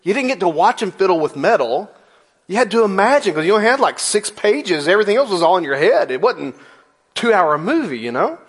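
A man's voice: high voice, sing-song, fairly quick, slightly rough. A man in his forties preaching a sermon in a church, telling a story with playful asides. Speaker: pastor.

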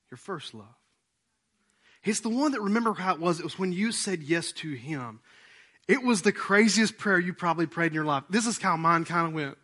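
A middle-aged male pastor preaching a sermon, swinging between loud appeals and hushed lines and acting out quoted prayers. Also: a little high. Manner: acts out quoted prayers and asides.

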